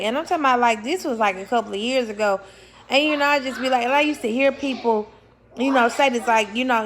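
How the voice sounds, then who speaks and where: A young spiritual vlogger talks casually to camera in a fairly high, bright voice, with a little hiss or hum in the audio. She's blunt, swears freely, repeats words for emphasis, laughs as she talks, and corrects herself.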